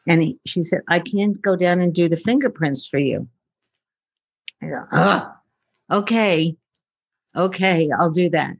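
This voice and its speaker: A woman's voice: lowish voice, unhurried, vocal fry, pauses often, husky, no room sound, muffled recording. A woman, a futurist, chatting in an interview, telling personal stories with many fillers and acting out the dialogue. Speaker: guest, futurist. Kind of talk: casual storytelling interview.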